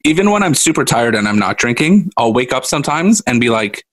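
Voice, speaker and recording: A man's voice: mid-range voice, big pitch swings, a little fast, no echo. Laughing middle-aged man telling a story. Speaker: podcast co-host. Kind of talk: casual chat.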